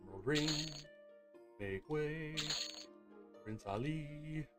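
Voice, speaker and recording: A man's voice: fairly high pitch, lively intonation, takes it slowly, over music. A man streaming a game, muttering casual commentary while sorting his items. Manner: mumbled, offhand remarks while sorting items.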